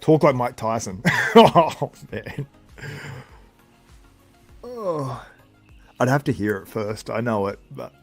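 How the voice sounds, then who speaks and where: A man's voice: medium pitch, lively intonation, slow pace, long pauses, faint music behind. A man hosting a live stream, with a tired, sore voice, chatting casually and commenting as it happens. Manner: chatty, reacts to chat with laughs. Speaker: livestream host.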